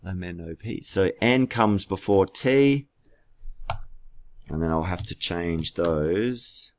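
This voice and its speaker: A man's voice: sits low, animated, slow. A man teaching a class through a screen-recorded tutorial, patient and spelling words out letter by letter, with keyboard clicks behind him.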